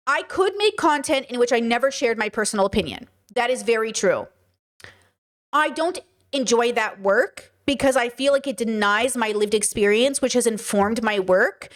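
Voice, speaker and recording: A young adult woman streaming, reading chat aloud and answering it emphatically, with her voice climbing into loud, passionate stretches. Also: fairly high pitch, animated, normal speed. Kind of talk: livestream commentary.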